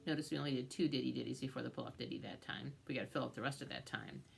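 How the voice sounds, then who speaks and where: A woman's voice: a bass voice, racing, creaky, loud music behind the voice. A woman teaching a banjo tune step by step, explaining strings and frets patiently and chanting the picking rhythms. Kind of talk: instructional music lesson. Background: loud banjo playing.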